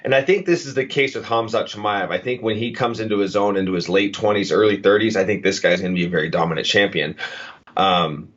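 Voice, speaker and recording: Man, 30s, very low voice, earnest rambling guest, lo-fi call audio. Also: quick pace. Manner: earnest, rambling with many fillers. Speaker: guest fighter. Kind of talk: casual interview chat. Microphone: video call. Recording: dull lo-fi video call audio.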